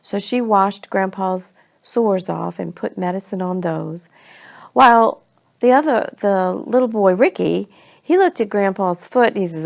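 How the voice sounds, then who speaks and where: A woman telling a homey family story in an unhurried, conversational way. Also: mid-range voice, animated, vocal fry. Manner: homey, unhurried, slips between we and they. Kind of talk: storytelling to children.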